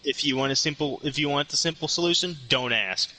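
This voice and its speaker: A man chatting casually as a fan, in a relaxed way. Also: a little high, brisk, poor audio. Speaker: fan discussing a movie trailer. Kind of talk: casual chat.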